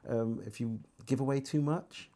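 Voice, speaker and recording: A middle-aged man with a Birmingham accent, a singer telling his story in a relaxed interview, acting out conversations and breaking into sung lines. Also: medium pitch, moderate pace. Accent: Birmingham English. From England. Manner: animated storyteller, acts out dialogue and sings snippets.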